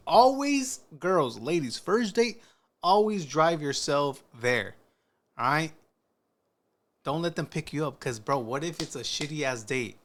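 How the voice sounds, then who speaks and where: A man's voice: mid-range voice, a bit bright. A man hosts a casual reaction video, his voice rising and falling a lot as he cracks jokes. He is blunt and swears freely, talking straight to his viewers. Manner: blunt, profane, wisecracking.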